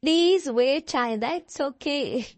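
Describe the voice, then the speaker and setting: A woman's voice: high voice, animated, slow pace, no room sound. A woman teaching an online English class who switches between English and Hindi-Urdu and reassures her students often. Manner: reassuring, repeats okay.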